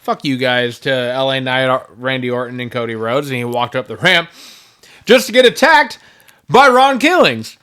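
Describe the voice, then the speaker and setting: A man co-hosting a casual podcast, retelling events excitedly and swearing freely. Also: mid-range voice, normal speed, clean tone. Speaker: podcast co-host.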